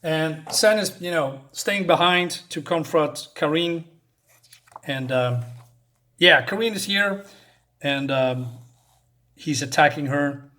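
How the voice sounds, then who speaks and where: A man's voice: fairly high pitch, slow pace, long pauses, pushed and bright. A man casually recapping a comic book's plot, rambling and hesitant, often losing his thread. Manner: rambling, many fillers and restarts. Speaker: comic reviewer.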